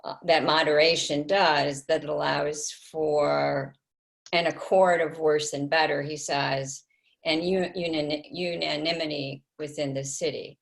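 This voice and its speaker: A woman student in a class discussion, talking in a hesitant, halting way as she works through a text. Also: low-pitched, flat delivery, vocal fry. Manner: hesitant, halting, with fillers and restarts.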